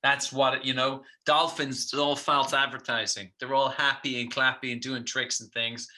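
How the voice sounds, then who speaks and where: A man's voice: medium pitch, little pitch movement, moderate pace, bright, forceful tone. A man co-hosting a podcast, riffing in a rambling, jokey way on absurd ideas. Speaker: podcast co-host. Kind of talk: casual comedic chat.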